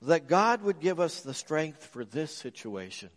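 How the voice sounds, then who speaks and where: A man preaching a sermon as a pastor. He tells stories, swinging from loud emphasis to soft, low asides. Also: very animated, unhurried. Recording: long reverb of a large hall.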